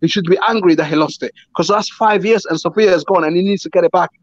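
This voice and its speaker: Man, high voice, rapid talk, insistent, repeats himself, dull lo-fi recording. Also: no echo. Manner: fast, insistent, repeats phrases to calm the other. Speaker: boxing fan in a debate. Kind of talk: heated casual argument.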